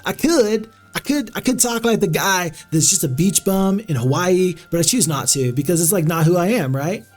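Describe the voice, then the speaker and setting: A man's voice: high-pitched, animated, darkish tone, faint music behind. A man voicing a laid-back surfer dude who stretches his words and says "like" a lot. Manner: drawn-out, filler-heavy "like" talk.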